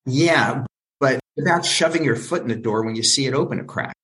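A man's voice: mid-range voice, brisk, low-quality recording. An older man, a film producer, telling his story in an interview and acting out the people in it. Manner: animated storyteller who acts out quoted voices.

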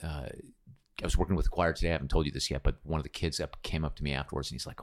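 A man's voice: a bass voice, steady tone, racing. A middle-aged man talking thoughtfully on a podcast, often hesitating and restarting his sentences. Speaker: podcast host. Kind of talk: casual conversation.

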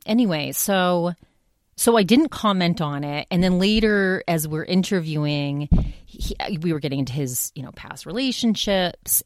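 A woman's voice: deep voice, no echo, studio quality. A woman hosting her own podcast, talking casually in a rambling, chatty way with frequent restarts. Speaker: podcast host. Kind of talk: casual solo podcast monologue.

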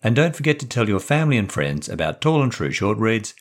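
A man, a podcast host and author, calmly narrating his own short story. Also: fairly low pitch, a little fast. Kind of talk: scripted narration.

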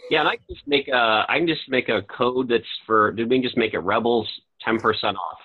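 A man joining a group video call as a first-time guest, friendly and a little halting. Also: medium pitch, sing-song, husky, no room sound. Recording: dry, phone-like line.

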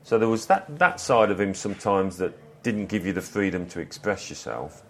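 Deep-voiced man recounting football memories. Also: lively intonation, normal speed. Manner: reflective, anecdotal, quotes others. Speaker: former footballer, interview guest. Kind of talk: relaxed storytelling interview.

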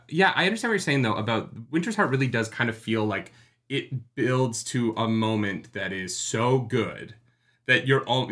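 A man's voice: medium pitch, a bit bright. A man co-hosting a casual book discussion stream, rambling and joking with many fillers and restarts. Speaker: podcast co-host.

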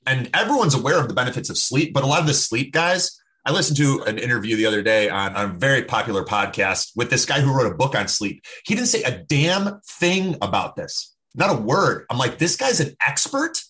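A man speaking as a podcast guest, talking emphatically and telling stories in an opinionated, animated way. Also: mid-range voice, fairly quick, hardly any pauses. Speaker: podcast guest, health expert. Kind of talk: casual interview talk.

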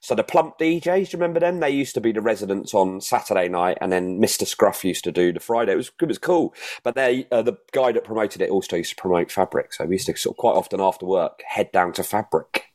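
A middle-aged man telling rambling, casually sweary anecdotes in a relaxed chat. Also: lowish voice, fast, few pauses. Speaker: podcast guest.

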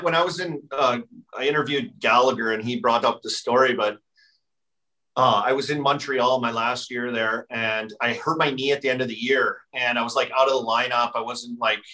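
Chatty ex-player, bright distant-sounding voice. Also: male voice, medium pitch. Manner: rambling, heavy use of filler "like". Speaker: podcast guest, former hockey player. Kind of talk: casual storytelling chat.

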